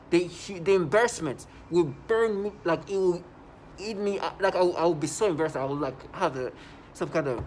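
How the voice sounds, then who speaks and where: A man's voice: high-pitched, slight background noise. A man delivering a rambling personal vlog monologue, agitated, with frequent restarts and self-corrections. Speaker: vlogger.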